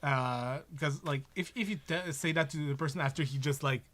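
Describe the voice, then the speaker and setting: A man's voice: fairly high pitch, brisk, fairly bright tone. A man co-hosting a card game stream, telling jokey stories in a rambling way full of fillers. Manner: rambling, many fillers and restarts, joking. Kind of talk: casual chat while playing a card game.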